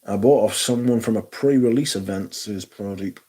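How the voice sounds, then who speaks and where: A man hosting a casual livestream, chatting and answering viewers in an animated, exclamatory way and swearing freely. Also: fairly low pitch, moderate pace. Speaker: livestream host. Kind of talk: casual livestream chat, reading viewer comments.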